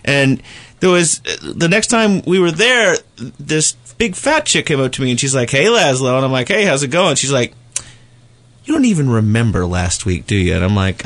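A male radio host telling stories in loose, casual studio banter. His voice is bright and forward, and his pitch swoops up and down in an animated way. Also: fairly quick.

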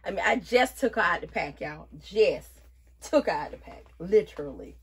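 A young woman chatting playfully to her viewers as she reviews a wig, exuberant and quick to laugh. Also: medium pitch, big pitch swings, husky. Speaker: beauty vlogger reviewing a wig. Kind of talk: casual chatty vlog.

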